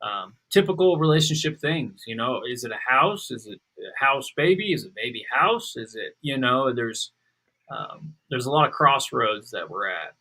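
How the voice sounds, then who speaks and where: A man as a guest in a casual conversation, speaking hesitantly with many pauses and ums. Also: medium pitch, lively intonation, sharp tone, rough recording.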